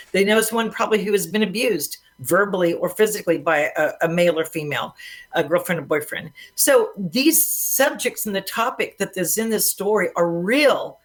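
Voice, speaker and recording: A woman co-hosting a faith-based film talk show, speaking in an emphatic, earnest way with pointed rhetorical questions. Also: medium pitch. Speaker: co-host and film reviewer.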